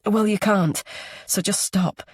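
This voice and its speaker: A man's voice: sits high, lively intonation, moderate pace, vocal fry, darkish tone, dry recording, studio quality, exaggerated voice. A man voicing a tense, grieving woman near thirty, clipped and curt. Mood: snapping.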